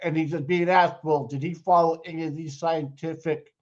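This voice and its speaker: A man co-hosting a livestream, chatting excitedly about a trial with quick agreeing interjections. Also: fairly high pitch, dull audio. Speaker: livestream co-host commenting on a trial. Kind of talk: casual live commentary.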